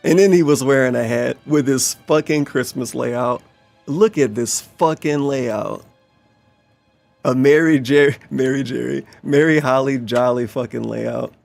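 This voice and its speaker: Gravelly, ranting male streamer. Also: medium pitch, a little slow, faint music behind. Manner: animated, profane ranting. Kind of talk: reaction stream chat.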